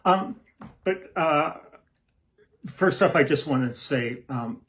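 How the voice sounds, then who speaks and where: A man's voice: fairly high pitch, animated, slow pace, fairly bright tone. A man, a musician hosting his own video series, chatting casually to camera and often breaking off mid-thought. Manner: rambling, self-interrupting, easygoing.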